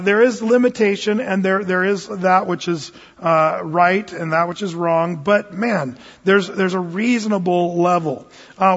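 A man's voice: high-pitched, husky. A man preaching a sermon, telling a folksy personal story with lots of fillers and restarts, recorded in a church sanctuary. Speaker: pastor. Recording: dull recording in a reverberant hall.

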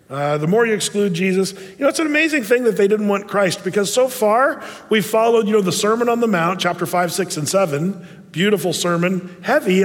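Male pastor, high voice, chatty digressive sermon with long hall reverb. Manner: conversational, digressive, with many restarts.

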